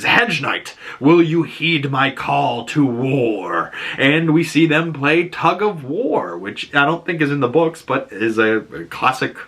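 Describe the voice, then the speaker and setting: Bright-voiced man casually recapping a show. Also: mid-range voice. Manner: chatty, profane, acts out quotes. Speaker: podcast host.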